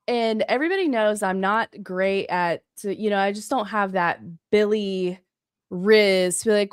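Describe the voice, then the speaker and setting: A woman's voice: mid-range voice, unhurried, clean tone, no echo, studio quality. A woman from the North Carolina foothills, co-hosting a casual podcast chat, laughing often and restarting her sentences.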